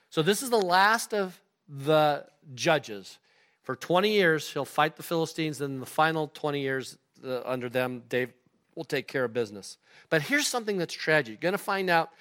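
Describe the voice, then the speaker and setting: A man preaching a sermon to his congregation in a lively, animated way, acting out the people in the scripture. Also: on the high side, moderate pace. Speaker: pastor. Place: church sanctuary.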